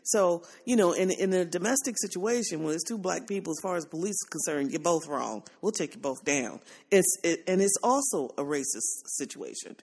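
A woman's voice: lowish voice, normal speed, few pauses, breathy edge. A woman hosting a podcast in casual chat, telling a story with lots of laughter and acted-out quotes. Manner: animated storytelling, laughs often, acts out quotes. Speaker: podcast host.

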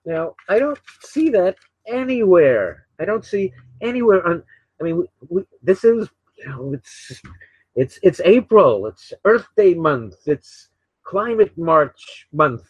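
An older man hosting his own radio show, talking in a rambling, opinionated way, often repeating words and filling pauses with uh and um. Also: high-pitched, big pitch swings, slightly rough, no echo. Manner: opinionated, sarcastic. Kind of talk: casual solo talk radio monologue. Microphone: desk microphone beside a laptop. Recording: dull, slightly lo-fi dry recording.

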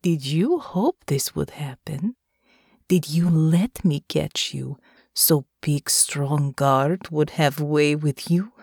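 A woman voicing a big, strong female guard, speaking in a low, sultry, teasing purr. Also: slow pace, gravelly, darkish tone, breathy edge, no echo, studio quality, exaggerated voice.

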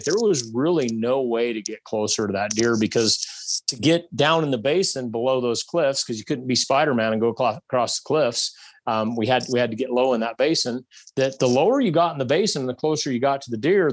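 Telling a hunting story with casual animation, a man with a mid-range voice performs the gunshots and bits of conversation along the way.

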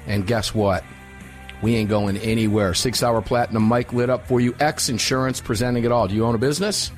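An energetic middle-aged man hosts live talk radio in an ordinary mid-range voice. He is folksy and upbeat, drawing out words when he wants to drive a point home. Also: medium pitch, a little fast, faint music behind. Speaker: radio talk show host.

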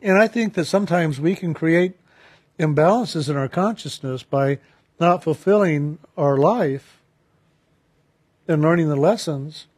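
A man calmly recounting a personal story and turning it into a spiritual lesson, earnest and reflective, slowing down on the phrases he wants to stress. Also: a little high. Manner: calm, earnest, reflective, with slowed emphasis on key phrases.

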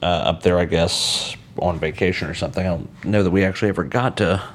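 Deep-voiced rambling American man. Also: fairly quick, slight background noise. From United States. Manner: rambling, frequent fillers and restarts. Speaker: podcast host. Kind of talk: casual solo monologue. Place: outdoor balcony.

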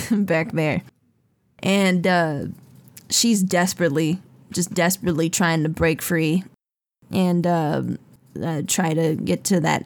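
Low-voiced woman narrating a tabletop game. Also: no room sound. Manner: descriptive, unhurried narration with fillers. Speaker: game master.

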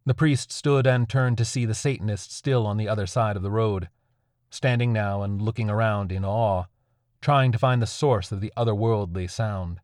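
A man's voice: fairly low pitch, darkish tone, no room sound. Man narrating a grim story, dry. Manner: measured, grim. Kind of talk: scripted horror story narration.

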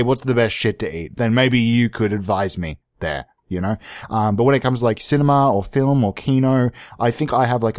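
A man hosting a podcast, ranting sarcastically in a profane, rambling comedic monologue, jumping into high mock-outraged bursts. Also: a little mellow, no room sound, studio quality. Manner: sarcastic, profane, tangent-prone. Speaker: podcast host.

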